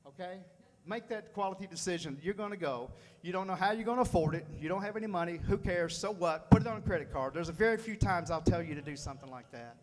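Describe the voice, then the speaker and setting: A man's voice: high voice, fast. A man giving a folksy, fired-up motivational speech to a room at a sales meeting, repeating phrases for emphasis. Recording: long hall reverb.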